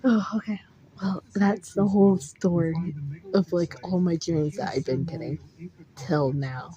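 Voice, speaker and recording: A woman's voice: fairly low pitch, fairly even intonation, measured pace, mellow, dull audio. A young woman telling a story to camera in a casual, emotional way, near tears and full of fillers, recorded on a phone. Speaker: vlogger.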